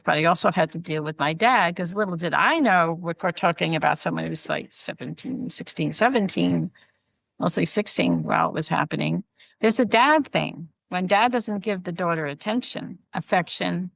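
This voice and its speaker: Middle-aged lady guest on a podcast, low-ish gravelly voice, chatty, dry close sound. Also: dry recording. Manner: animated storytelling, chatty asides. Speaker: podcast guest, author and energy healer. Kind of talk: casual chat.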